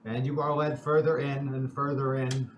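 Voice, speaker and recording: A man as game master, narrating a tabletop game in a measured, descriptive way. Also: medium pitch, level tone. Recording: roomy with faint noise.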